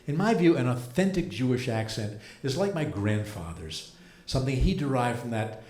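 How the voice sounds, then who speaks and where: An American man in his seventies works a comedy club stage with a dry, deadpan stand-up delivery, holding for a beat before each punchline. His voice sits at an ordinary middle pitch. The live room adds a roomy echo around him. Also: moderate pace. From United States. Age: 70s.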